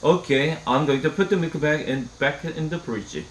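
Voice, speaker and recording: A steady, patient mother keeping the peace at home, voiced by a man. She speaks in a measured, soothing way, a little higher than the reader's usual voice. The room adds a clear echo. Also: natural voice. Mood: firm. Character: calm firm mother settling a family argument. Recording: echoey room, faint hiss.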